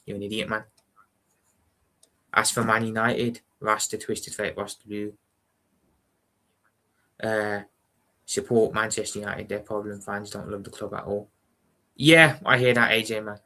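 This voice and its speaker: A man's voice: on the low side, fairly even intonation, unhurried, pauses often, sharp tone. Blunt Scouse man streaming football. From Liverpool, England. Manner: blunt, rambling, repeats "you know what I'm saying". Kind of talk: casual live-stream chat.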